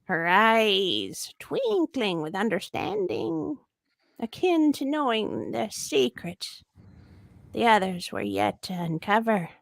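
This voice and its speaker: A woman co-hosting a casual podcast, reading a story slowly and joking around. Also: medium pitch, very animated, creaky, dry recording. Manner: playful, jokey, slow when reading. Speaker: podcast co-host.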